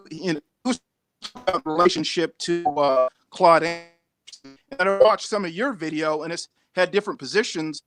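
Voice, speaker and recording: A man calling in to a livestream, speaking haltingly with many restarts and stammers. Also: on the high side, fairly bright tone. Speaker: caller. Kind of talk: call-in chat.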